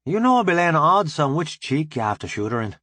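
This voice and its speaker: A man's voice: fairly high pitch, sing-song, brisk, sharp tone, no room sound, exaggerated voice. A man voicing a tough female crew officer with a brash, wisecracking manner.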